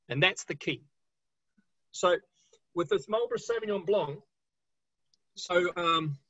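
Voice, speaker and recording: NZ-accented man, slightly high voice, dry dull lo-fi stream sound; chatty joking winemaker host. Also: a bit bright, no room sound. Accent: New Zealand. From New Zealand. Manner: chatty, jokey, swears, mimics voices in anecdotes. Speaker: winemaker hosting a tasting. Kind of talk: casual storytelling at a live virtual tasting. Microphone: video call.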